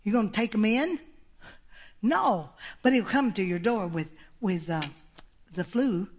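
A woman's voice: mid-range voice, animated, measured pace, slightly rough. An older woman preaching a sermon, folksy and exclamatory, with laughs between her points.

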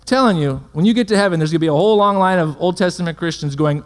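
High-voiced preacher in an echoing hall. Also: male voice, very fast, few pauses, a little hiss or hum. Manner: rhetorical questions, checks in with listeners. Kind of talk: sermon. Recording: long hall reverb.

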